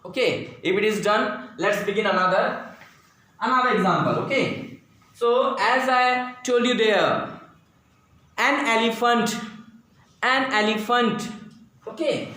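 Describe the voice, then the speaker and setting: A male school teacher with an Indian English accent giving a slow, repetitive grammar lesson in a classroom, drilling pronunciation aloud. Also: high voice, expressive, sharp tone. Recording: echoey classroom, very roomy.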